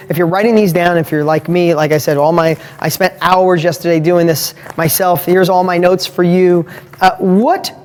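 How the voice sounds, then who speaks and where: Middle-aged male host, live motivational talk; blunt, emphatic storyteller, casual cursing. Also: high voice.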